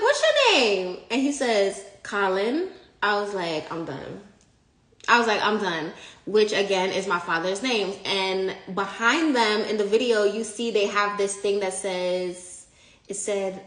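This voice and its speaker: A woman in a casual vlog, telling a story in a lively, chatty way and talking straight to her viewers. Her voice sits mid-range for a woman. The room around her carries a noticeable echo. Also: medium pitch. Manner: animated, chatty, addresses viewers as y'all. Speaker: spiritual content creator. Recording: roomy echo.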